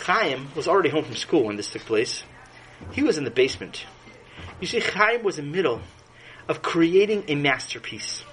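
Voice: mid-range voice, very animated, normal speed, a bit bright, low-quality recording. Playful children's storyteller, faint noise. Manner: playful, with asides to the listener.

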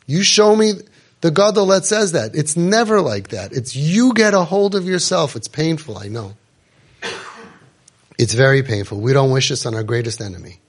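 A man with a somewhat high voice holds forth before a gathered group of parents. He talks in a preachy, emphatic way and drops Hebrew and Yiddish words into his English. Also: animated, normal speed, breathy edge. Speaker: parenting coach and podcast host. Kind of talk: impassioned talk to a live group.

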